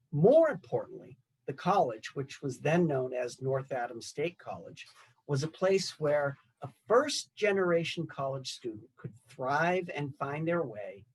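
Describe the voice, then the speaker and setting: An older man in his sixties speaks to graduates with a husky, somewhat raised voice. He delivers prepared remarks in a measured, reflective way and sets out his lists phrase by phrase. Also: fairly high pitch, poor audio. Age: 60s. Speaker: alumni association speaker. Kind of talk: prepared commencement speech.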